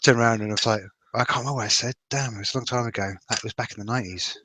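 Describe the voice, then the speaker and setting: A man's voice: medium pitch, very fast, bright, forceful tone. A man with an English accent that slips toward cockney, telling rambling, self-mocking stories in a casual chat. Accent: English, drifts cockney. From England. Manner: rambling storyteller, self-mocking, stumbles and restarts.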